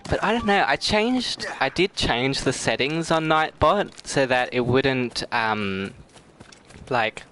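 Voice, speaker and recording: Speaking slowly in an expressive, mid-range voice that's a bit bright, this middle-aged man chats casually with his viewers during a gameplay livestream. He giggles often, bursts into hard laughter, and keeps talking to chat.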